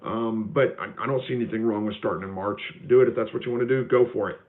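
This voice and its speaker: A man's voice: on the low side, steady tone, quick pace. A man hosting a live stream, chatting casually as he answers viewer questions, with lots of fillers and restarts. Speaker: homestead livestream host. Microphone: phone. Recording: tinny phone audio.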